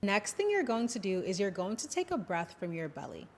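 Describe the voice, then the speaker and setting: A woman speaking as a lifestyle coach in an advice vlog, calm, gentle and instructive. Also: medium pitch, fairly quick, a little hiss or hum.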